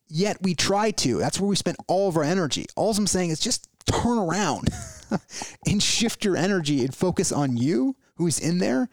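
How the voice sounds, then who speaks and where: A man's voice: on the high side, no room sound. A man talks through a casual motivational podcast in a slightly raised voice. He is earnest and repeats his point, slipping into quoted worried inner voices. The sound is dry and close to the mic. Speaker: podcast host.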